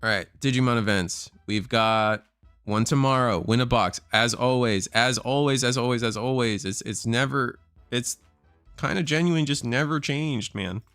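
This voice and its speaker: Male streamer, mid pitch, smooth voice, dry close mic, loose rambling delivery, worn out. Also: moderate pace, a bit bright, dry recording, faint music behind. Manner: rambling, casual, swears freely. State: tired, burnt out. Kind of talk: casual live-stream chat.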